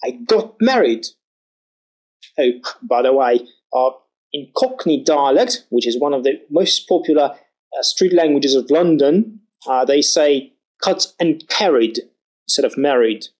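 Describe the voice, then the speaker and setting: A male pronunciation teacher talks slowly and deliberately, letting his pitch swing widely as he models each word. He enunciates every drill word with care. He sounds like a lesson recorded at home. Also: animated, a little mellow, low-quality recording. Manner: slow, careful enunciation with exaggerated pitch on drill words.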